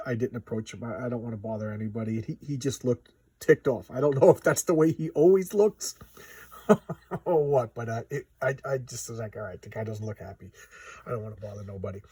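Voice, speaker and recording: A man's voice: medium pitch, normal speed, dark tone, breathy edge, no room sound, recorded from a distance. A man casually reviewing a comic book, stammering, repeating words and gushing over the art.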